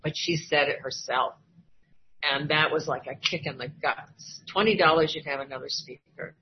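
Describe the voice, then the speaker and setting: An older Iowa woman with a deep voice speaks at normal speed, giving personal testimony about her recovery at a meeting. She's candid and acts out the voices she quotes. The recording is dull and lo-fi, with slight background noise and faint ambience.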